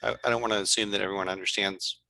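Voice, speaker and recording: A man's voice: lowish voice, steady tone, rapid-fire, pushed and bright, dry recording, rough recording. A man hosting a meeting, asking questions politely with small restarts. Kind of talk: casual chat.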